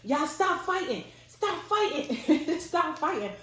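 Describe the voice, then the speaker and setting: A woman voicing a male gym teacher frantically yelling to stop a fight, in an echoey room. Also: sits high, very animated, slow, pitched above the performer's own voice, full character voice. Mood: frantic. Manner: shouting, repetitive. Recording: echoey room, faint noise.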